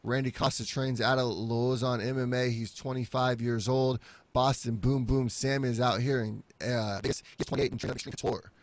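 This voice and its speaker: Man, casual podcast co-host, quick fight rundown, dry close sound, middle pitch. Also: steady tone, no room sound. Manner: brisk fight rundown, swears, laughs easily. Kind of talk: casual sports chat.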